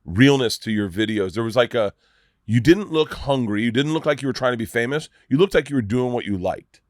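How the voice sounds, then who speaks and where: A man's voice: medium pitch, lively intonation, a little fast, dry recording. A comedian telling a rowdy, profane story in casual conversation. He laughs often and acts out the people in his tale. His voice sits in the middle range and is recorded close and dry. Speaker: comedian guest. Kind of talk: animated storytelling in casual chat.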